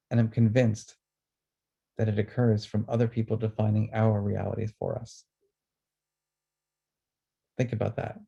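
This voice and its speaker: A man presenting a webinar on emotions, speaking earnestly and then guiding listeners through a calm, slow breathing exercise. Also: fairly low pitch, gravelly, dull audio.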